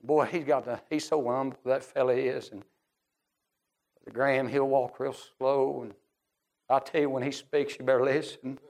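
A middle-aged man preaching a revival-style sermon in a church service. He is fervent and swings from hushed storytelling to shouting. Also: medium pitch, steady tone, normal speed.

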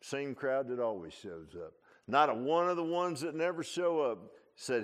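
A man preaching an informal sermon as pastor, animated and folksy, tossing in laughs and rhetorical asides. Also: a little high, normal speed.

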